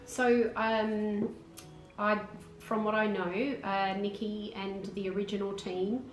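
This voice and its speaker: A woman, a project manager, explaining in a halting way with fillers in a documentary interview. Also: medium pitch, level tone, faint music behind. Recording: echoey room, faint noise.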